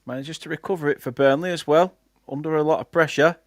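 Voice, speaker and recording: Chatty Lancashire fan commentating a match. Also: male voice, fairly high pitch, fairly even intonation, quick pace, dry recording, studio quality. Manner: chatty, reads out viewer comments between play-by-play. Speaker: fan channel host doing live match commentary. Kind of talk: casual live watchalong commentary.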